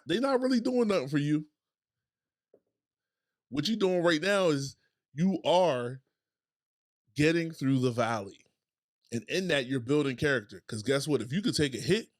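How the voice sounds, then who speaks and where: A man with a slightly raised pitch gives a motivational podcast talk. He builds his points like a preacher and swings from low musing to lively bursts, using loose, everyday phrasing. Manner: animated, preacher-like build-ups with colloquial phrasing. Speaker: podcast host; educator with students.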